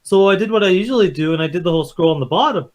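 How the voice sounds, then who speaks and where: A man's voice: sits high, rapid-fire. A man co-hosting a casual chat, telling events with lots of acted-out quotes and fillers. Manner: animated storyteller, acts out quotes. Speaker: podcast co-host.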